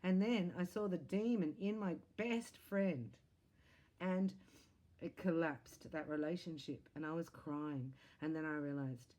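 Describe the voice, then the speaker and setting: Low, mellow woman reading tarot. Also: a little slow. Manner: animated, sing-song delivery with big swings in pitch and loudness; earnest, encouraging spiritual talk. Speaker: psychic tarot reader.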